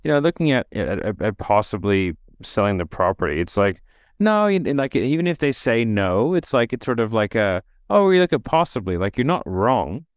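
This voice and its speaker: A man's voice: fairly low pitch, big pitch swings, normal speed, no room sound, studio quality. A man hosting a sales talk, asking questions and thinking aloud. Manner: thinks aloud, restarts phrases. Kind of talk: casual interview chat.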